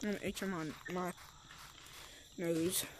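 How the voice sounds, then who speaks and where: This gaming vlogger has a fairly low voice with fairly even intonation and a measured pace, recorded through a headset mic amid background noise. While playing a VR game, she rambles casually, telling stories full of fillers.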